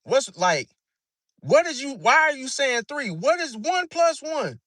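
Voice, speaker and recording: A fed-up adult loses patience with a kid who keeps getting a sum wrong, as a man puts him on. The voice jumps high and loud with incredulous yelling. It sits close and dry on the mic. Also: big pitch swings, a little slow, dry recording, full character voice. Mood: exasperated. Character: exasperated adult teaching a stubborn kid.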